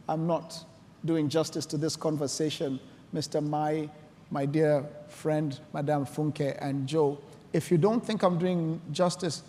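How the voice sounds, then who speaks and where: A man with a fairly high voice gives a conference talk, telling stories with earnest feeling. His words ring out through a large hall with a long reverb trailing behind them. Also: darkish tone. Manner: earnest, storytelling, emotional emphasis. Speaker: conference speaker.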